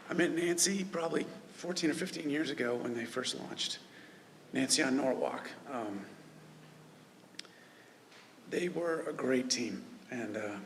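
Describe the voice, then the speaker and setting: A man who runs a news website speaking at a memorial service, halting with many filler pauses. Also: medium pitch, a bit bright, a little hiss or hum. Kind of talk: memorial tribute speech. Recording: reverberant hall with faint ambience.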